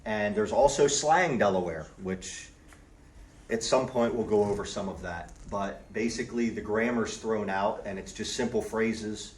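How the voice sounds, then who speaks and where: Low-voiced man teaching, distant room recording. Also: measured pace, a little hiss or hum. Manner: relaxed, ends points with a checking "okay?". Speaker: language teacher. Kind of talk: classroom lesson. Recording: roomy, distant audio with faint background ambience.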